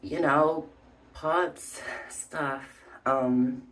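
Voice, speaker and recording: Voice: medium pitch, steady tone, extremely slow, fairly bright tone. A vlogger talking casually and hesitantly, out of breath, with many ums and likes. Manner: hesitant, full of "um" and "like". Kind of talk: casual personal vlog.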